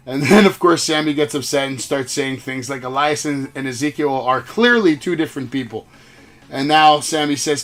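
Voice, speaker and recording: A fairly high-voiced man rattles through a casual recap as host, swearing freely and slipping into quoted lines for effect. His talk is loose and excitable. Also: normal speed, soft background music. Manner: profane, excitable, acts out quotes. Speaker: wrestling podcast host.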